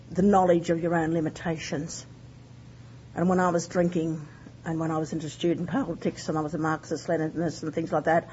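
A woman's voice: lowish voice, a little mellow. A woman sharing her recovery story in a candid, rambling way, full of fillers. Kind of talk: personal testimony. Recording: dull lo-fi recording with faint noise.

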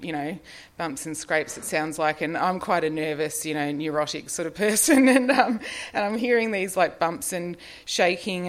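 A middle-aged Australian woman in recovery, telling her own story in a rambling, self-deprecating way with frequent little laughs and fillers. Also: lowish voice. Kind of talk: personal testimony, casual storytelling.

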